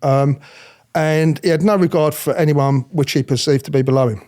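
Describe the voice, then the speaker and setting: A middle-aged man with a slightly high voice speaks at normal speed, telling blunt stories from his time as a royal protection officer. The candid interview is animated, full of free swearing and mimicry of the people he describes.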